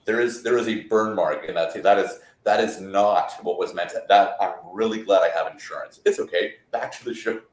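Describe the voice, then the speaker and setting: A man's lowish voice moves briskly with few pauses as he tells rambling stories, laid-back, as a guest magician. He's chatting in a casual interview over a remote call from a borrowed apartment that has a roomy echo.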